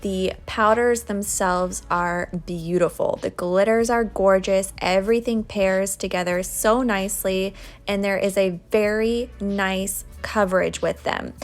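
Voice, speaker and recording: A woman's voice: mid-range voice, fairly even intonation, a little slow. A young woman doing a casual nail tutorial voice-over, chatty and friendly, laughing now and then. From United States. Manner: chatty, laughs while telling stories.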